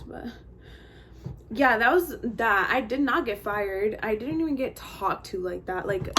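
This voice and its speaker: A woman's voice: on the high side, lively intonation, normal speed, fairly bright tone, slight background noise. A young woman vlogger chatting casually as she tells a story while getting ready. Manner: chatty, slangy, heavy use of "like" and "bro".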